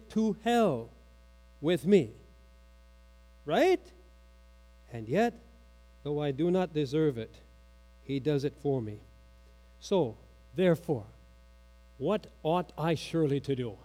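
Here a pastor with a high, slightly mellow voice delivers a sermon. He poses questions to teach, recites lines from the catechism, and drops his voice for dramatic effect.

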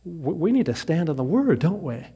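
A man doing a smooth, coaxing devil. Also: on the high side, normal speed, heavily acted. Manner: flattering, coaxing. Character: smooth-talking male devil tempter.

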